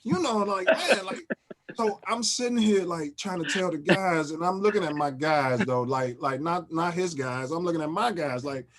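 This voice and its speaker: A man, hosting and telling a story in casual chat, animated and repeating and restarting his phrases. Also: a little high, moderate pace, crowd noise. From Chicago. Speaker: host.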